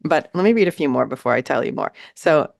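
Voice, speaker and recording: A woman co-hosting a podcast in casual chat, telling a story in an animated way and acting out what people said. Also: extremely low pitch, fast, gravelly, no echo, studio quality. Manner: animated, acts out quoted lines. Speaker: podcast co-host. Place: New York City.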